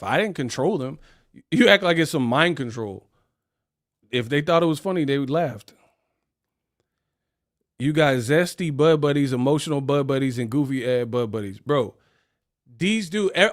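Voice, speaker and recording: A man hosting a casual livestream rant, talking in slang and laughing off his critics in a mocking, dismissive way. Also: on the high side. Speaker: livestream host.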